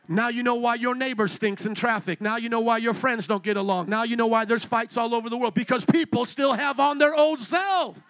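A man's voice: high-pitched, fairly bright tone, no room sound. A male pastor preaching a sermon from a stage with a handheld microphone, fervently firing rhetorical questions at the congregation. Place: stage in a large building.

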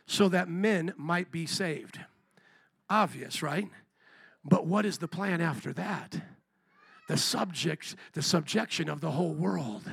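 Gravelly-voiced man preaching a sermon. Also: a little high, dry recording. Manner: animated, acts out voices and shouts for emphasis. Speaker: pastor.

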